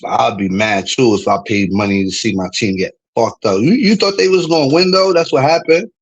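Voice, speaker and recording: A man's voice: mid-range voice, a little fast, slightly rough, rough recording. A young man with a New York accent, a streamer from the Bronx, trash-talking in a casual, profane livestream rant and laughing between lines.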